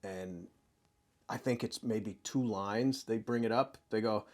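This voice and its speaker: A man's voice: fairly low pitch, slow pace. A man co-hosting a casual film review chat, enthusiastic and acting out scenes in quoted voices. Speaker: co-host.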